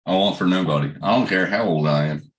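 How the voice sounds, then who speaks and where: A man's voice: deep voice, fast talker. A man with a Southern American accent, telling blunt, profane stories in casual chat. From Southern United States.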